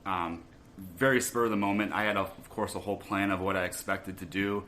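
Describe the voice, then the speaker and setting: A man's voice: low-pitched, fairly even intonation, brisk, pushed and bright, slight background noise. A man guest in casual podcast chat, rambling and hesitant with lots of ums. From Florida.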